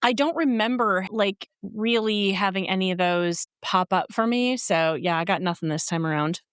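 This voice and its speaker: A blunt, playful woman co-hosting a book podcast, speaking at a mid pitch. She talks casually and waves things off quickly, and her voice sounds dry and close-miked. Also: clear, resonant tone, no room sound. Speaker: podcast co-host reviewing romance novels. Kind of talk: casual chat.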